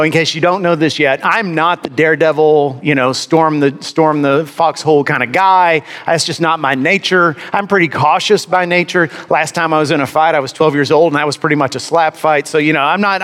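Pastor guy spinning a funny self-deprecating story, slightly high voice, echoey hall. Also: a bit bright. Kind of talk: sermon with humorous personal story.

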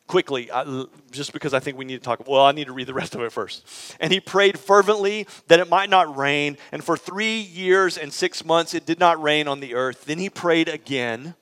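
A man preaching a sermon in a conversational, animated storytelling way, prompting his listeners and acting out the people in the story. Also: a little high, normal speed, long reverb tail. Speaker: pastor.

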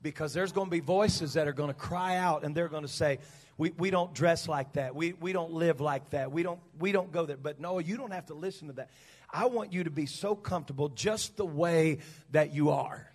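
A preacher voicing a sweet-talking false prophetess who soothes and coaxes in a hushed, stammering murmur. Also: male voice, fairly high pitch, moderate pace, pitched below the performer's own voice, close to an everyday voice. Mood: coaxing. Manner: hushed, soft, wheedling with stammered repeats. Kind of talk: preaching with acted illustration.

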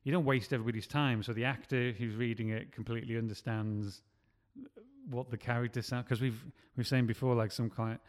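A man's voice: mid-range voice, fairly even intonation, brisk, big-room sound. A man, a scriptwriter, talking casually and rambling with many restarts. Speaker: scriptwriter and podcast host. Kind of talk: casual chat.

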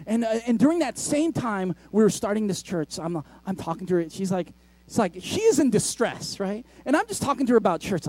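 A man's voice: high voice, sing-song, normal speed, warm tone, no room sound. A middle-aged male pastor preaching a sermon, conversational and self-deprecating as he tells stories.

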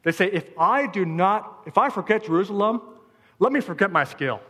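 A man's voice: high voice, expressive, moderate pace, bright, forceful tone, breathy edge, long reverb tail. A man preaching a sermon as pastor, asking rhetorical questions and repeating phrases for emphasis.

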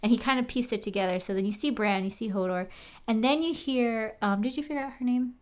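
A woman in casual recap chat, animated, swearing and using many fillers. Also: a little high, fast talker.

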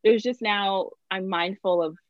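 On a podcast, a young woman chats about something that happened to her, her mid-range voice unhurried and fairly even in intonation. The telling wanders, packed with "like," fillers and restarts, and she laughs throughout. There's no room sound, and the highs are cut off.

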